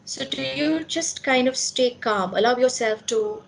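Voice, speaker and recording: Woman, fairly high voice, earnest, speaks to parents. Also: a little slow, creaky, a little hiss or hum. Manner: earnest, asks questions and answers them. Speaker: parenting speaker at a school meeting. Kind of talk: talk to parents.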